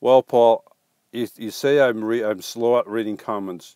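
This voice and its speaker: A man's voice: mid-range voice, steady tone, measured pace, a little mellow, clean tone, no echo. A man hosting a casual live stream, reading viewer comments aloud and joking back with playful teasing and stumbling restarts.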